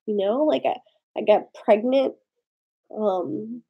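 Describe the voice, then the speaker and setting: A woman vlogger telling a personal story in a rambling, halting way, tipsy and tearful. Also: medium pitch, breathy edge, highs cut off. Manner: rambling, halting, with frequent fillers and swearing. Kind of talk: casual confessional storytelling.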